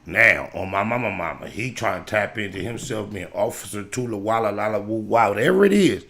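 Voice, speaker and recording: Gravelly man hyping and lecturing. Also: brisk. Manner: animated, preachy, swings from loud hype to low lecturing. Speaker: livestream host reacting to a video. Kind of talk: casual livestream commentary.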